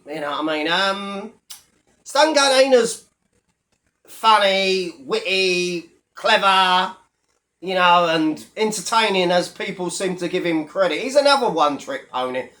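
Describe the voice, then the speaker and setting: A man's voice: sits high, fairly bright tone. A man giving a blunt, mocking commentary on a video channel, swearing heavily as he rants. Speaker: YouTube commentator. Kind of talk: ranting commentary vlog.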